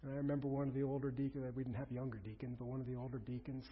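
A man preaching a sermon as pastor, conversational and animated, with asides and quoted voices. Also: medium pitch, racing, breathy edge. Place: church sanctuary. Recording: dull sound with long reverb in a hall.

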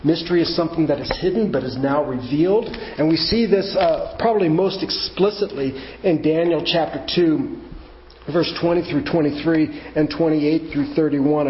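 A man's voice: on the high side, a little hiss or hum. A man preaching a teaching sermon, explaining step by step and rising to emphatic questions. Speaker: pastor. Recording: roomy, dull church recording.

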